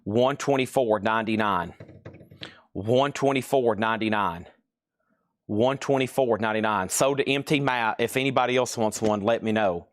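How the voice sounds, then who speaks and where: A man hosting a live record sale, briskly calling out prices and buyers' names and repeating them like an auctioneer. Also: fairly low pitch, no room sound, studio quality.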